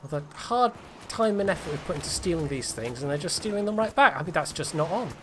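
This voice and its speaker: Man, gameplay streamer, lively sing-song delivery, chatty, swears, laughs, game noise loud behind. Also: a little high, quick pace. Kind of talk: live gameplay commentary. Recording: noisy game audio behind.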